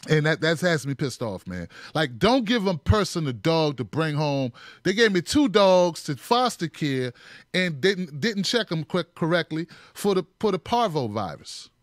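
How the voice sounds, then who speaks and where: A man's voice: on the high side, big pitch swings, normal speed, no room sound, studio quality. A man hosting a political commentary show, talking in a punchy, sarcastic way with mocking asides.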